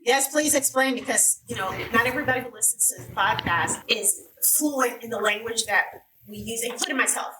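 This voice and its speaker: A woman's voice: on the high side, a little fast, hardly any pauses, bright, forceful tone. A woman hosting a podcast, asking curious, plain questions. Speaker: podcast host. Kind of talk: interview questions. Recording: distant mic with faint noise.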